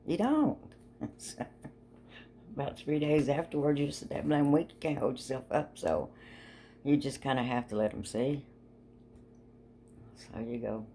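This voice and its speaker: A woman's voice: very deep voice, dark tone, slight background noise. An older woman telling a rambling personal story in a chatty, folksy way, laughing often. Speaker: vlogger.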